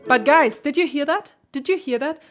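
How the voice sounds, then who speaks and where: A woman who hosts a piano channel, critiquing viewers' playing with emphatic, animated coaching. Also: sits high, normal speed. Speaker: piano teacher and channel host.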